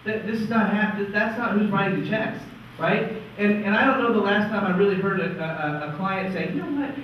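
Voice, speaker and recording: A conference presenter gives a lively stage talk in a wry, conversational style, often checking in with "right?". His high-sitting voice is brisk with fairly even intonation, with slight background noise, in an echoey hall through a distant, dull mic.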